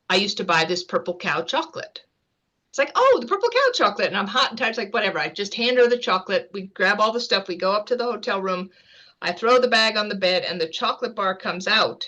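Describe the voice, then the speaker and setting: A woman speaking at a medium pitch, telling a story with animated, vivid energy. Her delivery is conversational, with light laughter worked in, and she sounds like a guest sharing an anecdote on a talk show. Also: a little fast, lo-fi sound. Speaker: guest author.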